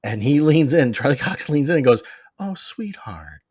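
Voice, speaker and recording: A man's voice: medium pitch, fairly quick, darkish tone, no room sound. Guy cohost, jokey, gushes about good lines, dry dead sound. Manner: joking, enthusiastic about line readings. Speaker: podcast co-host. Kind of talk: casual chat.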